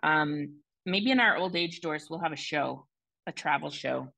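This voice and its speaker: A bubbly, quick-talking woman broadcaster in casual podcast chat. Her voice sits a little low for a woman and sounds dry and close. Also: gravelly, sharp tone, dry recording, low-quality recording. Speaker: sports broadcaster.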